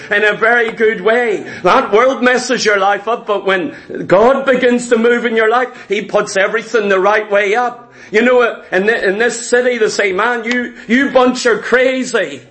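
High-voiced man preaching with animated zeal. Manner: animated, conversational preaching with repetitions and asides. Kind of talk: sermon.

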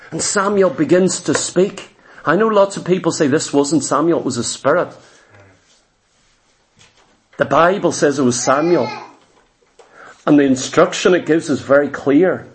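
A man with a high voice preaching a sermon. He retells a scripture story with drama, slipping into the voices of its characters, then presses the point home to his listeners with emphatic exhortation. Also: measured pace, long pauses. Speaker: pastor.

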